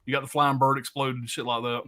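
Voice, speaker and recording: A man's voice: mid-range voice, flat delivery, fast, sharp tone. A man co-hosting a casual movie stream, talking enthusiastically with profanity and hesitant fillers. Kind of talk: casual live-stream chat.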